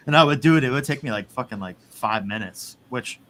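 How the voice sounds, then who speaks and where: A man's voice: medium pitch, brisk, fairly bright tone, a little hiss or hum. A man in casual chat, rambling, swearing and laughing often. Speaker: podcast host.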